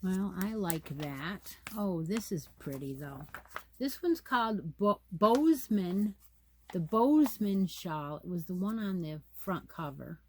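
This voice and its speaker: A woman's voice: mid-range voice, animated, takes it slowly, a little hiss or hum. A woman hosting a casual yarn chat, reading pattern details aloud and musing to herself as she goes. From United States. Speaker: crochet channel host.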